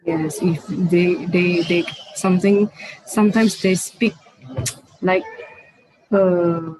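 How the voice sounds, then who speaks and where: A woman, asking a meditation question on a video call in hesitant, halting English. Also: lowish voice, steady tone, dark tone, slight background noise, low-quality recording. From Indonesia.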